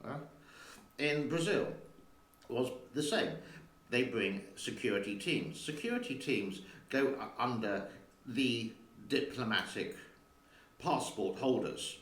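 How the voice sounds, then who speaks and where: A man's voice: medium pitch, animated, slow, a bit bright, echoey room. A man hosting a casual vlog from his home studio, chatting in a rambling way and talking to his cat between points. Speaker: channel host.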